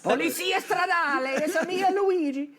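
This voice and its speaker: A man's voice: extremely high pitch, normal speed, over a noisy crowd, pitched above the performer's own voice. A podcast host doing a jokey, exaggerated Italian voice for a man cheerfully confessing to a crime. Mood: gleeful. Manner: exaggerated sing-song Italian put-on.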